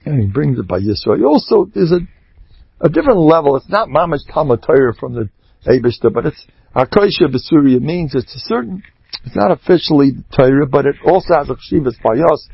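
A man's voice: on the high side, big pitch swings, fairly quick, creaky, breathy edge, no room sound. A man who is a rabbi, giving an informal sermon and exhorting his listeners directly in a conversational way, recorded on dull lo-fi audio.

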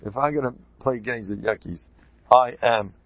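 A man, a rabbi, giving an informal talk to a group, an animated, joking storyteller who sprinkles in Yiddish and Hebrew terms. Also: medium pitch, normal speed, no echo, muffled recording.

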